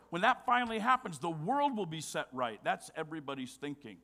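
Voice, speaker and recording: High-voiced man preaching a sermon. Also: sing-song, brisk. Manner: emphatic, with rhetorical questions; drops to a quiet, low voice for solemn points. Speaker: pastor.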